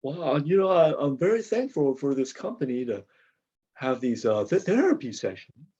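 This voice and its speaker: A man's voice: medium pitch, very animated, normal speed, mellow, husky. A man playing a flustered older cracker factory worker in improv comedy over a video call, rambling and stammering with bursts of indignation. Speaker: improv performer. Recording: dull lo-fi video call audio.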